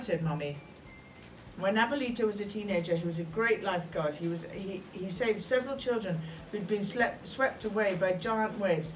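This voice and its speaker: A woman's voice: medium pitch, normal speed. A woman reading a picture book aloud, playful, sometimes speaking to a child listening. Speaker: storybook reader. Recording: roomy room, mic at a distance, faint hum.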